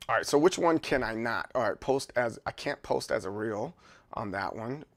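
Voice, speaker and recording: A man's voice: mid-range voice, big pitch swings, moderate pace. A man streaming live in casual chat, rambling and joking, often repeating words. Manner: joking, playful.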